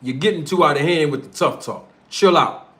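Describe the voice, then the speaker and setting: On a heated livestream, a North Philadelphia streamer and host rants in street slang, confrontational throughout. His male voice has a fairly high pitch, a brisk pace, and a fairly bright tone.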